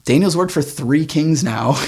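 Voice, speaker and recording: A podcast co-host with a gravelly, fairly high-pitched voice reads scripture at a measured pace during a casual Bible discussion. Relaxed, he retells the story in modern slang and chuckles along the way.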